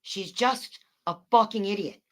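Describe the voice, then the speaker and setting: Woman streamer, angry rant to chat, profane, mocking, loud then quiet. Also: medium pitch, unhurried. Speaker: livestreamer.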